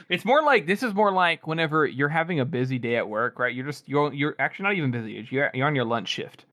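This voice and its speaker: A man's voice: fairly high pitch, expressive, a little fast, sharp tone. A young man co-hosting a podcast who laughs easily and tells a work anecdote in casual chat. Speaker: podcast co-host. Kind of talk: casual book-discussion chat.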